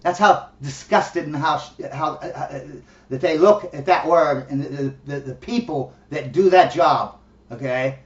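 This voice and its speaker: A man's voice: a little high, unhurried. A middle-aged man talking bluntly and profanely in a casual ranting monologue, laughing between his points. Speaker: commentary host. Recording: echoey, distant, dull lo-fi room recording.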